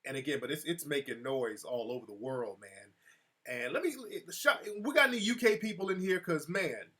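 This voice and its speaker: Animated man hosting a live talk show. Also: mid-range voice, moderate pace, slightly rough. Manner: animated storytelling, addresses chat viewers by name. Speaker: show host. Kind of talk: casual live-stream talk show chat.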